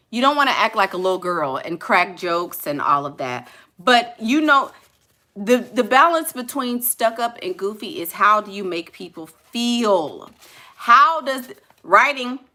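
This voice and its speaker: A woman with a New Orleans accent and a mid-range voice that sounds pushed and bright gives frank, sassy relationship tips. She's a relationship coach with a casual, colloquial delivery.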